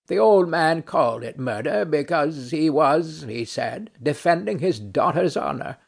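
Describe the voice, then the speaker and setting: A bored, ironic nobleman who lectures with dry mockery, voiced by a man reading a play. His speech is slow and gravelly, with a lively rise and fall. The voice stays fairly high for a man. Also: exaggerated voice. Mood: weary, brooding. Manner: dry, mocking, philosophical. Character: weary, ironic nobleman and duelist in hell. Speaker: audiobook narrator. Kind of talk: reading a stage play aloud.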